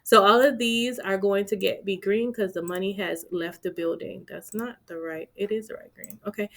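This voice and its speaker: A budgeting vlogger with a medium-pitched, slightly bright voice goes through her budget at a moderate pace. She talks casually and playfully to viewers and makes asides to herself.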